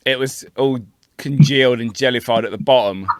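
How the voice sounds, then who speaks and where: A man co-hosting a casual podcast, telling a story with animated, sweary energy. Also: mid-range voice, normal speed, a little hiss or hum. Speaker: co-host.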